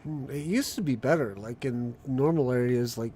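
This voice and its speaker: A man casually commenting as he plays a game, in relaxed, offhand chatter. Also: mid-range voice, moderate pace, a little hiss or hum. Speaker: gameplay streamer.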